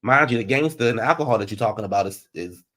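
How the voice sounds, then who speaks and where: Talking very fast in a medium-pitched voice, a man gives a casual recap of a reality TV episode. His sassy, animated delivery leaps from loud outbursts to muttered asides.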